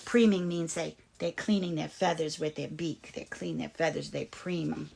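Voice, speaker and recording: A woman reading a picture book aloud to children, pausing to explain words. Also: sits low, fairly even intonation, gravelly, darkish tone, slightly rough. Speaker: children's story reader.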